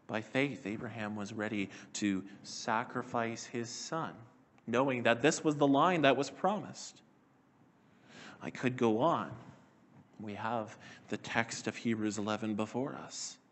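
Man, mid-pitched voice, preaching a sermon; measured delivery that slows and softens on key words. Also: a little hiss or hum.

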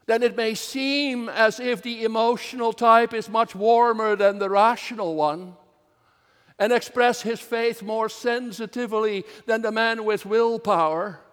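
High-voiced slow-preaching man in a church. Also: smooth, big-room sound. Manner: slow, earnest preaching with swells of emphasis. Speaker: minister. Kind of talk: sermon.

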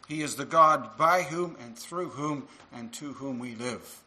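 A man's voice: mid-range voice, unhurried, pushed and bright, rough recording. A male minister preaching a sermon to his congregation, earnest and full of rhetorical questions.

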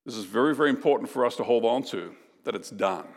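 A man preaching a sermon as pastor, emphatic, with dramatic pauses and repeated lines. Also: medium pitch, expressive, long reverb tail.

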